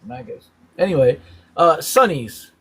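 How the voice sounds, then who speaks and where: A man's voice: fairly high pitch, very animated, a little slow, fairly bright tone, a little hiss or hum. A man hosting a casual live stream, animatedly explaining slang terms one by one and laughing often.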